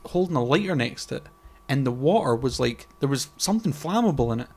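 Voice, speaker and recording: A man in a loose podcast conversation, circling his point through ums, false starts and the odd swear word. His voice sits at an ordinary middle pitch for a man. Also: animated, quick pace, vocal fry, a little mellow. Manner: rambling, many fillers and restarts, swears casually. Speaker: podcast co-host. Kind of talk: casual chat.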